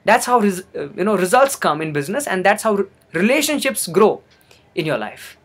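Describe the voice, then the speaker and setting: A man's voice: sits high, big pitch swings, brisk, fairly bright tone, husky. A young man giving an earnest motivational talk, repeating phrases for emphasis. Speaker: motivational speaker. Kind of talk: motivational monologue.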